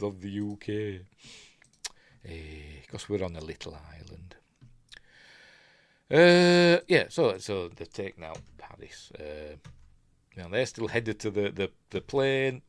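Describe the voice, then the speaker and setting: A man's voice: on the low side, no room sound. A man with a Yorkshire accent rambling casually through a film breakdown, often trailing off and mumbling asides. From England. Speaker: film reviewer.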